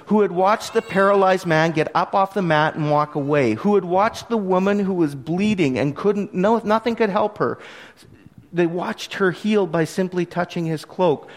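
Expressive, conversational male preacher. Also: on the high side. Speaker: pastor. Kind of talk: sermon. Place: church service.

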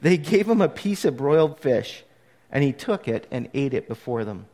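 A man preaching a sermon, retelling scripture in an animated way that swings from hushed to emphatic. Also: medium pitch, moderate pace, in a large hall. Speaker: pastor.

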